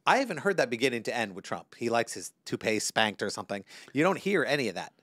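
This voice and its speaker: A man's voice: medium pitch, sing-song, quick pace, a bit bright, dry recording, studio quality. A man, an attorney co-hosting a podcast, talking in blunt, joking, emphatic banter.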